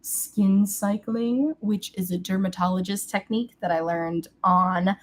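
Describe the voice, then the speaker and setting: A woman's voice: medium pitch, steady tone, a little slow. Young woman, beauty vlogger, casual chat, bubbly, chatty, webcam at home. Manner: chatty and bubbly, squeals at comments and her cat. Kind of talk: casual get-ready-with-me chat.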